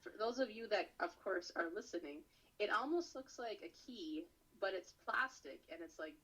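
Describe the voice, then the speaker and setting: A woman co-hosting a crude podcast, telling stories deadpan over a video call. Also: mid-range voice, moderate pace, slightly rough. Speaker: podcast co-host. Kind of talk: crude casual storytelling. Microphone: webcam on a video call.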